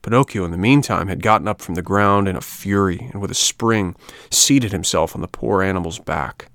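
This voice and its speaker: Low-voiced man reading a storybook. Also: a little fast, a bit bright, no room sound, studio quality. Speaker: audiobook narrator. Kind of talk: storybook narration.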